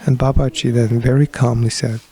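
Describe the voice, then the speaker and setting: A man interpreting a sermon into English, telling spiritual stories slowly and deliberately with pauses. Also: medium pitch, little pitch movement, dark tone. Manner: slow, deliberate storytelling with pauses. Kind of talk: sermon storytelling, translated.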